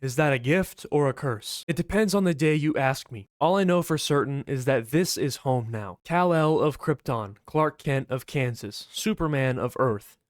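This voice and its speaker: A man's voice: mid-range voice, lively intonation, dry recording, studio quality, lightly acted. A man reading as a weary tormented superhero. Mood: solemn. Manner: solemn measured reading. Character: weary tormented male superhero, inner monologue.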